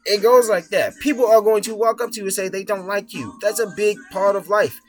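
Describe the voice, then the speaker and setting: Young guy ranting fast about life, high voice, swears a lot, quiet music in back. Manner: blunt and profane, fast and rambling. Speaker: video host. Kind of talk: casual motivational monologue. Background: soft music playing.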